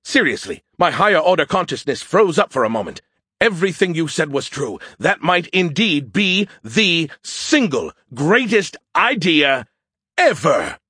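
A man's voice: mid-range voice, expressive, brisk, a bit bright, breathy edge, no room sound, clean studio sound. A man voicing a smug, insulting male alien AI who mocks humans with sarcastic bragging. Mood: amazed. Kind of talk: audiobook character voice.

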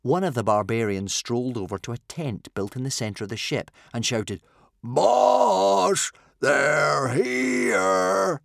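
A man reading a children's adventure story aloud in an expressive, playful way. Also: on the low side, fairly quick, hardly any pauses, no echo, clean studio sound. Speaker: audiobook narrator. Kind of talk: scripted storybook narration.

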